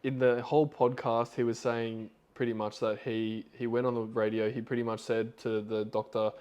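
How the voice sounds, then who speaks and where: A man's voice: mid-range voice, little pitch movement, moderate pace, few pauses, darkish tone, clean tone. A man hosting a podcast, retelling a story in a loose, rambling way with lots of fillers. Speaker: podcast host.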